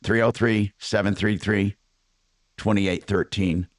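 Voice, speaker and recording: A man's voice: fairly low pitch, fairly even intonation, slow pace, dry recording, clean studio sound. An older man hosting a radio talk show, rambling through opinionated remarks with many restarts.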